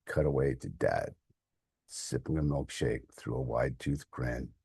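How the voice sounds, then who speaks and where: Guy reading his own story, low dark husky voice, quiet and heartfelt. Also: lively intonation, measured pace, no room sound, studio quality. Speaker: podcast host and author. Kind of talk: reading a short story aloud.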